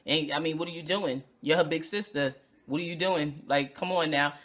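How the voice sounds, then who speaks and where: A woman with a New York accent co-hosting a casual review chat, blunt and animated, laughing often. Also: deep voice, normal speed. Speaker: co-host of a reality show review.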